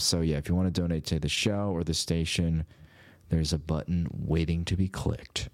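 This casual radio outro features a man with a low-pitched, nasal voice speaking at normal speed in a steady tone. He rambles in a laid-back, chatty manner as he ends the show.

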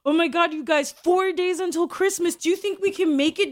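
A woman's voice: extremely high pitch, a little fast. A woman hosting a show, delivering a rambling, self-mocking comic monologue and often laughing through her lines. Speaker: show host. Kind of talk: comedic monologue.

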